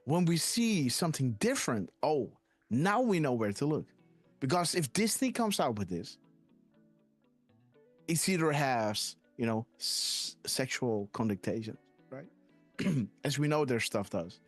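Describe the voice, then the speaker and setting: A man's voice: medium pitch, big pitch swings, measured pace, soft background music. Rambling man hosting a live stream. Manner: rambling, hesitant, repeats "guys, right?". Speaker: host. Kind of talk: live stream decoding chat.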